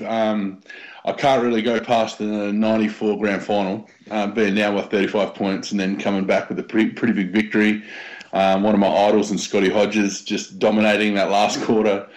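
A man chatting casually on a podcast, rambling and pausing on fillers. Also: fairly low pitch, fairly even intonation, low-quality recording. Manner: rambling with many ums. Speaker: podcast co-host. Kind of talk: casual chat.

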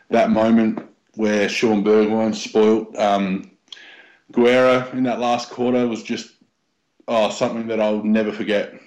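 A man chatting casually on a podcast, rambling and pausing on fillers. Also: fairly low pitch, a little mellow, low-quality recording. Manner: rambling with many ums. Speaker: podcast co-host. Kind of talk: casual chat.

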